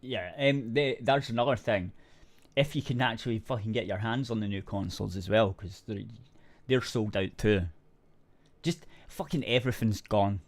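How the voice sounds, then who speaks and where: A man's voice: lowish voice, moderate pace. A man co-hosting a casual podcast, swearing freely and chiming in with corrections. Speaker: podcast co-host. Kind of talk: casual chat.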